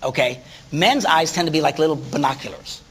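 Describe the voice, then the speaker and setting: A man speaking as a guest on a Christian talk show, preaching in an animated way and acting out little stories. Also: fairly high pitch, a little fast, husky. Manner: animated, acts out stories in voices.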